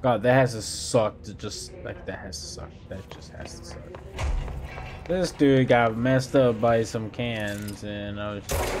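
A man giving casual let's-play commentary, playfully teasing enemies and breaking into high whoops. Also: a little slow, background noise. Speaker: gameplay streamer.

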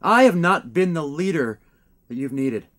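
Brief: smug vampire boss with a slightly high voice and pompous corporate bluster, played by a man, for a comedy audio drama. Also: lively intonation, moderate pace, a bit bright. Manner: pompous pep-talk delivery, mock-sincere. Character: smug male vampire boss turned evil. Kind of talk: comic audio drama acting.

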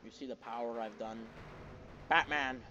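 A young man giving excitable, profane commentary while playing a video game, talking to the enemies on screen. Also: medium pitch, normal speed, dull audio, slight background noise. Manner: excitable, swears often, talks to the game. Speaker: gaming video creator. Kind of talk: gameplay commentary.

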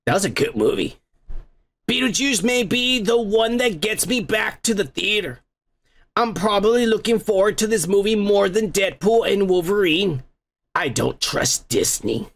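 A man with a high, gravelly, fairly bright voice hosts a comedy podcast, reading out viewer comments. He's crude and rambling, full of profanity and mocking asides.

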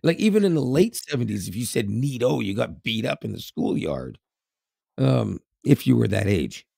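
A man's voice: medium pitch, sing-song, normal speed, vocal fry, mellow, husky, no echo, studio quality. A Canadian man in his fifties with a Canadian accent, co-hosting a podcast in casual, rambling chat with frequent laughs. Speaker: podcast co-host.

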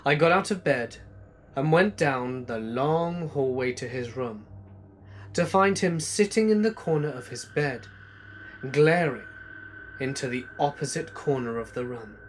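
A man reading true scary stories aloud as a narrator, slow and hushed, letting his voice sink low at the ends of lines. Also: expressive, a little hiss or hum. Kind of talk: scripted horror narration.

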